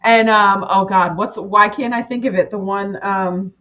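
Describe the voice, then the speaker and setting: A woman chats in a lively, animated way at a middle pitch, swearing casually and tumbling from one thought to the next. The voice sits in an ordinary, easy register. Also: unhurried. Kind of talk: casual group chat.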